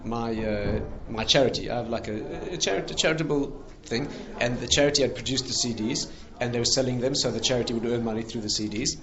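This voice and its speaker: A man's voice: mid-range voice, fast, hardly any pauses, muffled recording, crowd noise. Man telling anecdotes, laughing often. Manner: animated anecdotes, laughing at punchlines. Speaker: rabbi and lecturer. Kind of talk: conversational storytelling talk.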